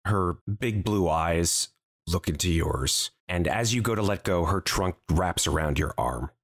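A game master narrating a tabletop game in a very deep, husky voice. He describes each scene at length and softens it with hedging asides. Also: animated, unhurried.

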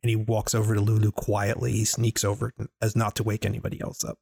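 A man playing a tabletop game, narrating his character's actions in a relaxed, conversational way. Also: on the low side, fast, creaky, breathy edge, dry recording. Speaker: player.

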